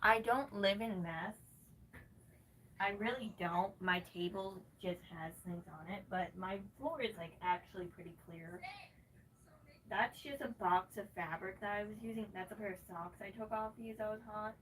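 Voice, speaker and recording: A woman's voice: medium pitch, normal speed, fairly bright tone, recorded from a distance, a little hiss or hum. A woman live streamer ranting at her chat from her bedroom, sarcastic and swearing constantly. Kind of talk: angry rant to chat. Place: her bedroom, moving around.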